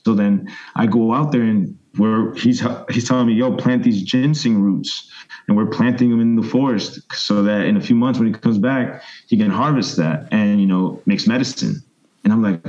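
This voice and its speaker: A man's voice: on the low side, dull audio. Rambling storyteller man in his thirties. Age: 30s. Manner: rambling, animated storyteller, mimics voices. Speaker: interview guest. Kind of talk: casual storytelling interview.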